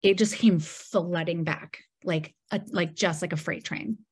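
Low-voiced woman telling a parenting story. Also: measured pace, slightly rough. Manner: animated storyteller who acts out quoted dialogue and leans on "like". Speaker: podcast guest. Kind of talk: casual storytelling interview.

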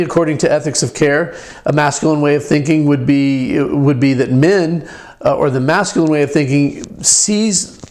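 A middle-aged man giving an informal lecture, halting, with many fillers and restarts. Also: fairly high pitch, a little mellow.

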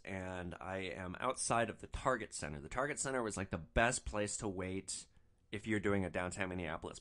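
A man hosting a podcast, telling profane stories in a lively storytelling manner. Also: lowish voice. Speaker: podcast host.

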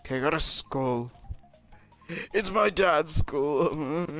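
Brash, hot-tempered alien prince voiced by a man for a let's-play parody, gravelly and a little high, faint music behind. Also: extremely slow, fairly bright tone, heavily acted. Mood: brash, panicky. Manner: brash and insulting, yelping in panic. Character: arrogant proud alien prince warrior, adult male, hot-tempered. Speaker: game player.

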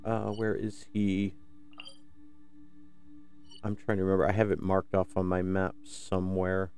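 A man's voice: low-pitched, monotone, unhurried, darkish tone, faint music behind. A man giving rambling, self-correcting commentary over a game, often losing track of where things are. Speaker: game video host. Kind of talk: gameplay commentary.

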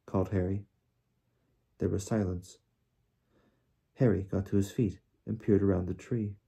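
A man reading an audiobook aloud in a steady storytelling manner. His voice sits low, with a very dark, mellow color. A husky, breathy grain runs through it. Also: a little slow. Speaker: audiobook reader. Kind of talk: audiobook narration.

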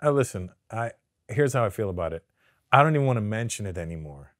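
Canadian-raised man guest, lowish voice, dry studio sound, loose profane storytelling. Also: fast, no room sound. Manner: profane, animated storyteller who acts out quotes. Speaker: guest comedian. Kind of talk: casual interview storytelling. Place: studio sit-down interview.

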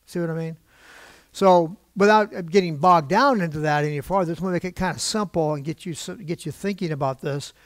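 In a dry, studio-quality recording, a man from the United States with a slightly high voice preaches briskly from the pulpit. As pastor, he chats conversationally with his congregation, puts questions to them, and gets emotionally worked up.

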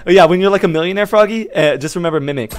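A young man gaming with friends over voice chat, joking and repeating himself when excited. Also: high voice, rapid-fire, a crowd in the background. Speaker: gamer in voice chat. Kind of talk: casual voice chat banter.

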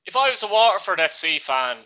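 A man with an Irish accent hosting a football vlog, talking indignantly in quick, broken phrases. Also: high voice, very animated, pushed and bright, low-quality recording. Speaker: vlog host. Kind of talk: casual football chat.

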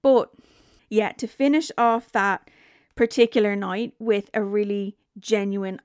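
A woman's voice: mid-range voice, steady tone, a little slow, a little mellow, smooth, dry recording, clean studio sound. A young woman recapping a reality show in casual, blunt chat, swearing freely.

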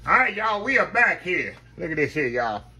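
A man hosting a casual home cooking video, folksy and chatty, talking to viewers as "y'all" and dropping to a low murmur while he tastes. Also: big pitch swings, normal speed, pushed and bright. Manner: folksy, keeps saying "y'all". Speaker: cooking channel host.

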